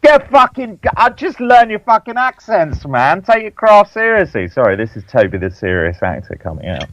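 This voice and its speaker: A man's voice: sits high, sing-song, rough recording. A young man, guest hosting a casual podcast chat, joking, swearing and laughing easily. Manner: jokey, swears, quick to laugh. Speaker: guest host.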